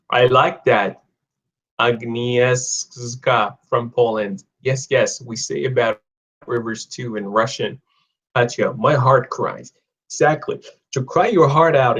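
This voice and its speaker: Slow, chatty male English teacher. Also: mid-range voice, fairly bright tone, rough recording. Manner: chatty, reads viewer comments aloud, jokes. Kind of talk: live-streamed English idioms lesson.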